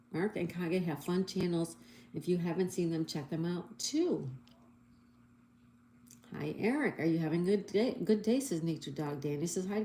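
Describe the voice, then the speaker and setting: A woman's voice: on the low side, warm tone. Woman hosting a chatty livestream. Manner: reads viewer comments aloud, cheerful greetings. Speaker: livestream host. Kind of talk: casual live chat reading comments. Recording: echoey room, faint background noise.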